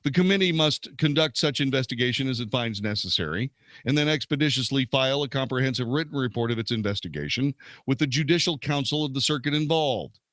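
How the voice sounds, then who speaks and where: A man's voice: medium pitch, animated, fast talker, a bit bright, no echo. Man reading legal text, dry sound. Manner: reads steadily, stumbling and correcting himself at times. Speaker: host. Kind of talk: reading legal texts aloud with commentary.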